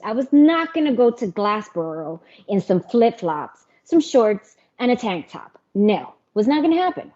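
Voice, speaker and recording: A middle-aged woman telling her personal story as an interview guest, candid and animated. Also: fairly high pitch. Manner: candid, animated, mimics others. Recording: muffled lo-fi audio.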